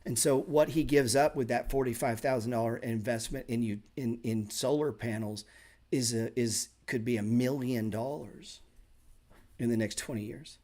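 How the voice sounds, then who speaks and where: A man's voice: medium pitch, fairly even intonation, normal speed, darkish tone. A man teaching a live class on trading, talking bluntly and emphatically with lots of swearing and sarcastic asides. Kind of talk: casual live class talk.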